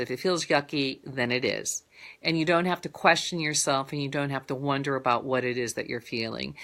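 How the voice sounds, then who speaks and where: A woman's voice: low-pitched, fairly bright tone. A middle-aged woman therapist giving earnest, rambling advice to viewers, with many fillers and restarts. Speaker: relationship therapist. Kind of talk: casual advice talk to viewers.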